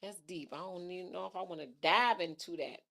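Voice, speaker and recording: A woman's voice: lowish voice, fairly quick, gravelly, a bit bright. Chatty woman hosting a livestream. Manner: chatty, thinks aloud, repeats phrases, laughs easily. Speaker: livestream talk show host. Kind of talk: casual livestream chat reading viewer comments.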